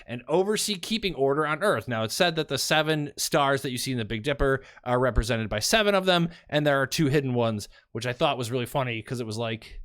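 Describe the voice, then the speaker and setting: A man's voice: mid-range voice, expressive, brisk, hardly any pauses, a bit bright. A man co-hosting a casual podcast, joking around, swearing freely and breaking into silly voices now and then. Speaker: podcast co-host. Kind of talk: casual chat.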